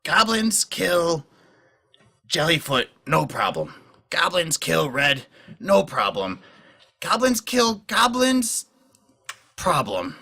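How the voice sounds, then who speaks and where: A man voicing a nervous male goblin who talks in halting broken speech. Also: a little high, sing-song, creaky, bright, forceful tone, slightly rough, pitched above the performer's own voice, exaggerated voice. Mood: simple.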